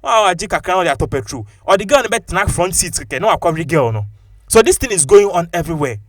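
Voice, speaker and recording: A man with a Ghanaian English accent giving animated, opinionated commentary and mixing local-language phrases into his English. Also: high-pitched, quick pace, dry recording, clean studio sound.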